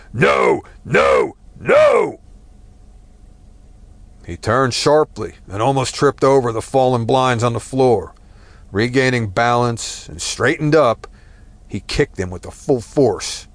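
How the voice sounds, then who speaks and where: A man with a fairly low voice reads a tense story aloud. His delivery is measured and dramatic, slowing down to lean on key phrases. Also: no room sound. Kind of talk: scripted story narration.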